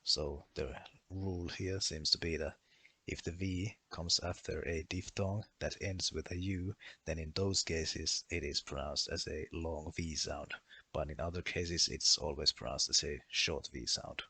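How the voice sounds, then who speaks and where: Very deep-voiced man explaining methodically. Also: steady tone, unhurried, creaky, sharp tone, breathy edge, no echo. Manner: methodical, listing one example after another. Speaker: language explainer. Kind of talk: explanatory voice-over lesson.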